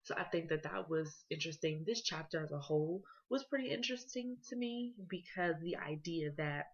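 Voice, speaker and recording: A woman's voice: sits low, fairly quick. A young woman from Ohio giving a casual class presentation as a student, talking conversationally with lots of fillers. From Columbus, Ohio. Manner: casual, conversational, with many fillers and "you know"s. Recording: dull lo-fi recording.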